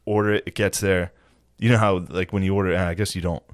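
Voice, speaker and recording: A young man co-hosting a podcast tells a profane story with lots of energy, acting out other people's voices as he goes. His voice is low and quick with fairly even intonation, in a dry, clean studio recording.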